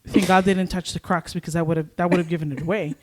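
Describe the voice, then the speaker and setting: A young woman co-hosting a podcast, telling a story in casual chat and acting out panicked shouts. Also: lowish voice, quick pace. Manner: animated, acts out panicked shouts. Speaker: podcast co-host.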